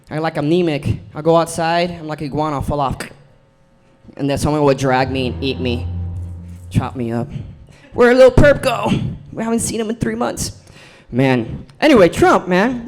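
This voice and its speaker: Man, high register, profane rambling comic banter, lots of "bro". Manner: rambling, heavy swearing, says "bro" a lot. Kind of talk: casual comedic banter.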